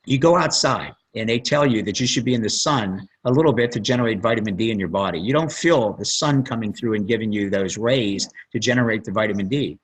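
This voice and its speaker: Husky-voiced guy on a call, rambling stories, doing other people's lines. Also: fairly low pitch, a little fast, hardly any pauses, low-quality recording. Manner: rambling storyteller, acts out quotes. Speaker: plastic surgeon guest. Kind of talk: conference call testimonial.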